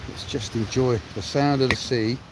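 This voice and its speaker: A man's voice: medium pitch, normal speed. A man rambling in friendly chatter to live-stream viewers while fishing outdoors on a beach. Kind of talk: casual live-stream chat. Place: outdoors on a shingle beach by the sea. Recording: loud wind and surf outdoors.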